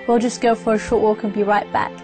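A woman's voice: mid-range voice, level tone, fast talker, over music. A woman presenting scripted news reports in a cheerful manner.

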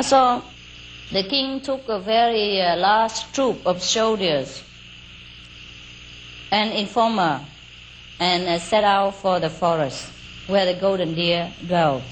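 A woman telling a folk tale at a slow, easy pace, stopping for chatty asides and small laughs. Her voice sits in a middle range. Faint crickets and insect noise hum behind her. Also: medium pitch, poor audio. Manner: unhurried, chatty asides with fillers and little laughs. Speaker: storyteller. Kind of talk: casual oral storytelling.

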